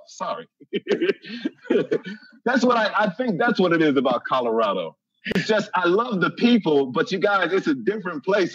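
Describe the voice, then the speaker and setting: Animated, laughing man from Chicago. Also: high-pitched, slightly rough, no echo, muffled recording. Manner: animated, laughs often, acts out voices. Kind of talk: humorous personal storytelling.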